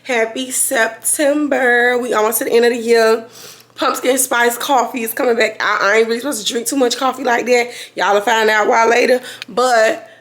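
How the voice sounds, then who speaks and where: A woman, chatting casually to camera as a vlogger in a rambling way full of slang, her voice a little hoarse. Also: on the high side, fairly even intonation, brisk, fairly bright tone. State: slightly hoarse after being sick.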